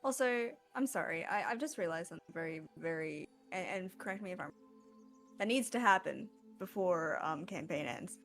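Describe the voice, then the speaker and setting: A woman's voice: on the low side, animated, moderate pace, a bit bright, faint music behind. A woman playing a tabletop role-playing game with friends, chatting casually with frequent laughs and restarts. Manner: chatty, giggly, many restarts. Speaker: tabletop game player and streamer.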